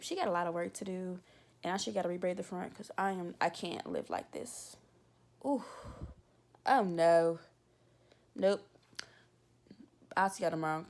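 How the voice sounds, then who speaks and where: A woman's voice: medium pitch, vocal fry. A young woman telling a casual, exasperated storytime in a vlog. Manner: animated, exasperated and talkative. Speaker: vlogger.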